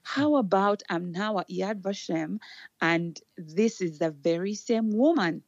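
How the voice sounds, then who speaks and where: A woman from Uganda with a Ugandan accent, a guest telling a story in a casual interview, animated and often restarting her sentences. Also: mid-range voice, unhurried, no echo, lo-fi sound. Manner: animated, laughing, many restarts.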